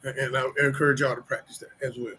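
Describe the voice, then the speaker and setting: A middle-aged man with a mid-range, pushed, bright voice talks fast and evenly to his viewers, candidly recounting his past and how he's changed. It's a rambling to-camera recovery vlog packed with fillers and street slang. The recording is rough, with slight background noise.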